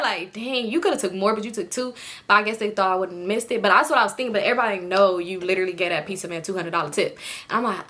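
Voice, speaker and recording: A woman's voice: mid-range voice, fast. A young woman from California telling a personal story in a casual vlog, animatedly acting out what everyone said, with lots of swearing. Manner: animated retelling, voices others with expletive-laden quoted outbursts. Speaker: storytime vlogger.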